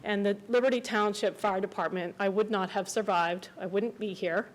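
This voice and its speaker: A woman's voice: mid-range voice, steady tone, moderate pace, poor audio. Resident woman, forties, earnest and emotional, pleading at a county meeting. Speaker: resident speaking at public comment. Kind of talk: public comment at county meeting.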